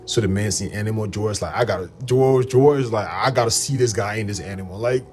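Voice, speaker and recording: A man with a very low voice hosts a livestream and tells a long story in a loose, rambling way. He gets animated and jumps up in pitch when he acts out what other people said. Faint music plays underneath. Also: quick pace. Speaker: livestream host.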